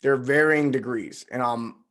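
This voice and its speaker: A man at a middle pitch hosts a podcast conversation. He thinks aloud in a reflective, easygoing way and often pauses with fillers. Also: a bit bright. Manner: reflective, with frequent fillers and laughs. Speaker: podcast host.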